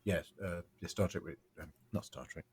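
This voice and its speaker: Male co-host, rambly, lower voice, laughs between thoughts. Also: normal speed, a little mellow, breathy edge. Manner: rambling, searching for words, laughs. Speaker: podcast co-host. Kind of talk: casual behind-the-scenes chat.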